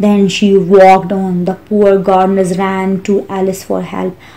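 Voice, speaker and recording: A woman narrates a classic storybook in a slow, careful reading style. Her voice is mellow and warm, sitting at a middle pitch. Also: monotone, poor audio. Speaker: audiobook narrator.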